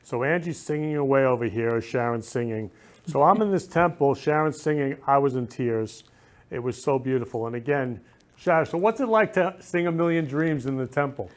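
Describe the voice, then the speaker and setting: An effusive male talk show host who greets his guests warmly and keeps repeating loving words. He speaks at a middle pitch in casual, heartfelt chat, recorded indoors. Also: normal speed. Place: indoor studio or temple room.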